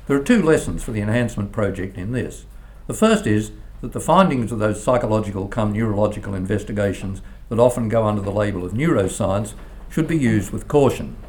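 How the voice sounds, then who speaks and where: An older male professor delivers a formal academic lecture, reading from a prepared text. His voice sits low, and he moves through it in a measured, deliberate way, stumbling now and then over a word. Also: expressive, darkish tone. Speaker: philosophy professor.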